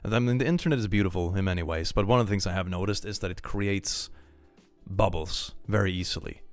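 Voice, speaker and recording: A young man chatting casually on a livestream, reading viewer messages aloud, animated, laughing often and repeating phrases. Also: low-pitched, fast. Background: faint background music.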